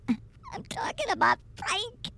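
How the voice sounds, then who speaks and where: A man's voice: very high voice, huge pitch swings, slow pace, gravelly, sharp tone, exaggerated voice. A man voicing a brash, flirty middle-aged woman passenger who rambles crudely and teases her driver in an improvised comedy sketch. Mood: flirty rambling.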